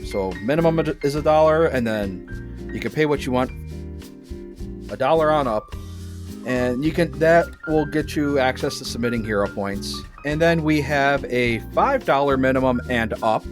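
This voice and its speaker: A man, narrating a tabletop game as game master in a casual, halting way with many restarts. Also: medium pitch, over music.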